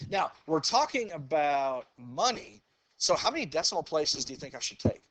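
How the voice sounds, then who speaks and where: A man's voice: on the high side, big pitch swings, normal speed, a bit bright. A man's voice sitting a little above the usual range leads a math lesson in a classroom. He walks the students through each step in an easygoing way, filling the gaps with "okay" and "go ahead." He often stops to put a question to the class. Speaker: math teacher. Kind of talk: classroom lecture.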